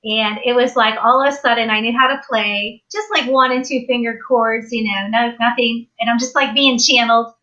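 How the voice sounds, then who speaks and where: Bright animated woman telling a story. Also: fairly high pitch, normal speed, few pauses, dull audio. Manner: animated storyteller, acts out quoted voices. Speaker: guest. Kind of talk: storytelling on a live talk show.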